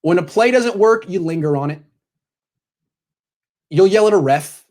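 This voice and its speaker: Blunt man lecturing with a lively voice. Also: high voice, a little slow. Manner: blunt, lecturing second-person address. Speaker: sports commentator. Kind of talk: opinion commentary addressed to a coach.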